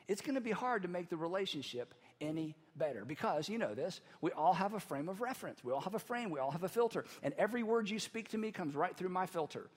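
High-voiced preacher in a reverberant hall. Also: male voice. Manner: conversational preaching, animated, acts out voices. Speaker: pastor. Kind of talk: sermon. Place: church auditorium.

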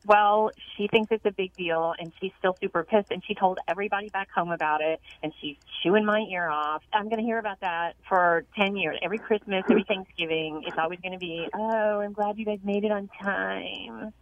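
A woman's voice: fairly low pitch, fairly even intonation, fairly quick, few pauses, muffled recording, a little hiss or hum. A woman calling in to a radio show, coaxing and teasing her boyfriend on the phone. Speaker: caller pranking her boyfriend.

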